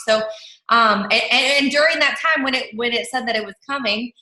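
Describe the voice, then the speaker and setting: Over a video call, a young woman who leads a team tells a story in a casual leadership talk, animated and full of restarts and fillers. Her voice is a little high and brisk, with a roomy echo in the recording.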